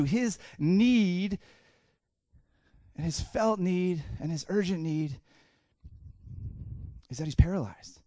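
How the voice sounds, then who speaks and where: A man preaching a sermon as a pastor, animated, voicing the thoughts of people in the story and swinging between loud bursts and hushed asides. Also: high-pitched, slow, long pauses, no room sound, studio quality.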